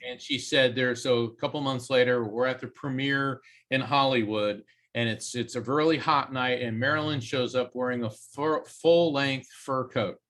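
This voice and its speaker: Man, podcast guest, animated storyteller, bright forceful voice, mid pitch. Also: moderate pace, hardly any pauses. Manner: lively anecdote-telling, acting out quoted voices.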